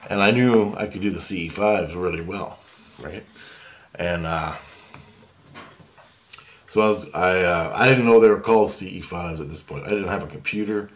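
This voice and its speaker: A man's voice: sits low, normal speed, long pauses. A middle-aged man telling a personal story in a loose, rambling, chatty way, with slang and swearing. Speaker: storyteller recounting a past experience.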